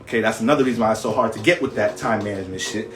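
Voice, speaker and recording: A man hosting an astrology livestream, talking casually, full of swearing and slang, with his pitch swinging up and down as he talks. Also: rapid-fire, a little hiss or hum. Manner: profane, streetwise, animated, jumps up and down in pitch. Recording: echoey room with faint music.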